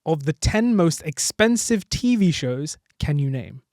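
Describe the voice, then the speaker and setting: A man hosting a casual podcast quiz, reading out lists briskly and laughing along. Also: a little high, sing-song, a little mellow, no room sound, clean studio sound. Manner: quizzing, reads lists briskly. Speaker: podcast host.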